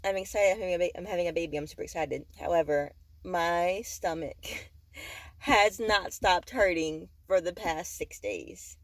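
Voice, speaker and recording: Casual vlogger: woman in her twenties, low voice, tired, candid and chatty, dry close recording. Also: moderate pace, dry recording, rough recording. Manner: chatty and candid, with frequent fillers. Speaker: vlogger and teacher. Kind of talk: casual vlog chat.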